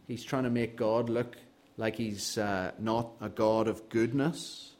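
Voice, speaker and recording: A man's voice: fairly low pitch, fairly even intonation, slow, darkish tone. A man preaching an expository sermon, earnest and emphatic, with a dry sense of humor.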